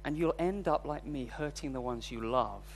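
A man's voice: medium pitch, moderate pace, slight background noise. A man preaching a sermon, telling a personal story in a candid, self-deprecating way. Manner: storytelling, voice rising when recounting frustration.

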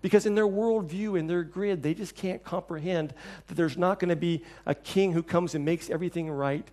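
A middle-aged man preaching a sermon, telling stories and acting out quoted voices with lively shifts. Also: normal speed. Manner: storytelling, acts out quoted voices with lively shifts in pitch and level. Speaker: pastor.

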